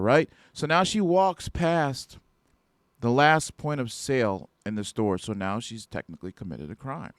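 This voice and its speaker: A podcast host and security trainer explains security guard duties in an instructional show, speaking conversationally and repeatedly checking in with "right?". His mid-range voice is expressive and unhurried, with no echo.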